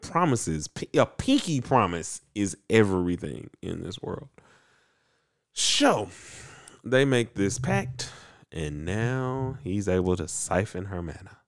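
Deep-voiced man, animated recap chat. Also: takes it slowly. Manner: animated storytelling, acts out characters in voices. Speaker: podcast co-host recapping an anime. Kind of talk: casual chat.

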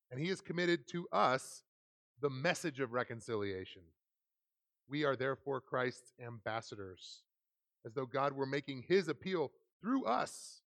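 Gravelly-voiced pastor preaching earnestly. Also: male voice, medium pitch, a bit bright, dry recording. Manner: storytelling, self-deprecating, earnest. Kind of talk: sermon with scripture reading. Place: church sanctuary.

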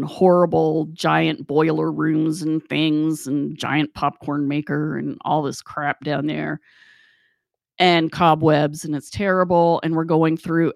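A woman with a slightly low, grounded voice tells a personal story in a relaxed, conversational way. She is animated and acts out the lines of the people in it as she goes. The sound is dry and close. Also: vocal fry, no echo. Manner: animated, acts out dialogue in quotes. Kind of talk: casual spoken anecdote.

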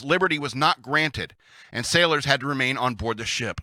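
A man hosts a relaxed storytelling session, reading sea stories with frequent chuckles and side comments. His voice sits a little high and has a very bright, sharp edge. It sounds dry and close, with no room echo. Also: brisk. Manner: chuckles often, chatty asides. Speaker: host reading Navy stories. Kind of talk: casual storytelling.

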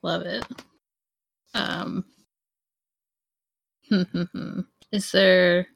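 A woman's voice: lowish voice, flat delivery, drawn-out words, vocal fry, slightly rough, poor audio. A woman playing a tabletop game, hesitant and self-deprecating, rambling. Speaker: player. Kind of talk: casual tabletop play.

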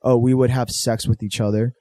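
A man in his thirties riffing on a podcast in casual, crude banter. He is animated and swings into mocking put-on voices when he quotes someone. The mic is close and the sound is dry. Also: mid-range voice, brisk, no room sound. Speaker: podcast co-host.

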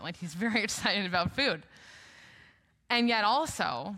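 Young female preacher, bright and forceful, conversational sermon delivery with light humor, reverberant church hall. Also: medium pitch, moderate pace. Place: church sanctuary.

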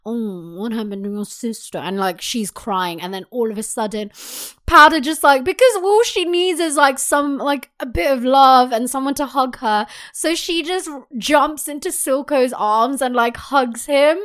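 A woman talks about a show, expressive and quick to act out what the characters said. Her voice sits a little high. She keeps the chat casual throughout. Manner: expressive, acts out quotes. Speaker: show reviewer.

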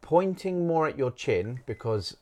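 A man's voice: on the high side, sing-song, unhurried, darkish tone. A man co-hosting a podcast, giving practical advice step by step. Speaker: co-host.

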